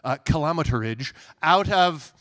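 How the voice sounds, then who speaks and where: A male comedian co-hosting a political comedy show on stage, animated and mocking. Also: a little high, normal speed. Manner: animated, mocking rants with put-on voices. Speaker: comedian co-host. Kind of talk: stand-up political comedy double act. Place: theater stage.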